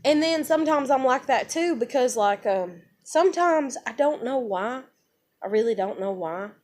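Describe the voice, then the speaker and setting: A woman's voice: on the high side, animated, moderate pace, darkish tone. A young woman telling a personal story to camera in a blunt manner, swearing often and using many fillers. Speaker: vlogger.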